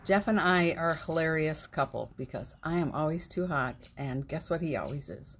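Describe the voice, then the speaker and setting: A woman hosting a morning live stream, chatting gently and affectionately with viewers, greeting them by name and laughing often. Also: low-pitched, animated, normal speed, a little hiss or hum. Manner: laughs often, speaks softly. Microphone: phone.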